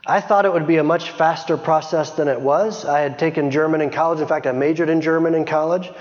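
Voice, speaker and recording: A middle-aged man speaks to a congregation in a relaxed, chatty way, often restarting his sentences. His voice sits a little high for a man. The recording is muffled and carries the long echo of a large hall. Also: a little fast. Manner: chatty, many restarts and small laughs. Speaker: missionary reporting to a church. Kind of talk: informal church talk. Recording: dull sound, long hall reverb.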